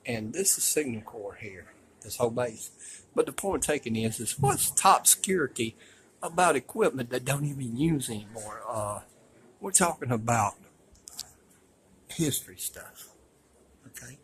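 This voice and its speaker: A man narrating casually as he films his walk through a museum, rambling and folksy and quick to complain. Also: mid-range voice, expressive, fairly bright tone, a little hiss or hum, poor audio. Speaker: vlogger touring a museum. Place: indoor museum.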